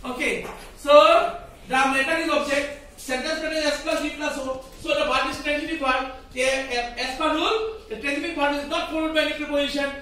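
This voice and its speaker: Heard from a distance in a very echoey room, a male English teacher speaks in a very high, pushed and bright voice, steady in tone and fairly quick. He gives a grammar lesson, repeatedly asking questions and drilling students to repeat the rules in call-and-response.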